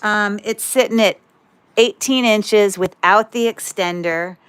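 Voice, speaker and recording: A woman's voice: mid-range voice, takes it slowly, clean tone. A woman hosting a livestream jewelry sale, chatting casually with viewers in a rambling way, breaking off mid-sentence and dropping corny puns.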